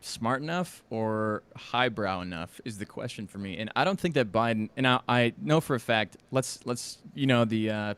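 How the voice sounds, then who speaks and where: A man co-hosting a podcast in casual chat, animated and laughing often, slipping into impressions of people in his stories. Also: medium pitch, moderate pace, hardly any pauses, smooth. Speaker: podcast co-host.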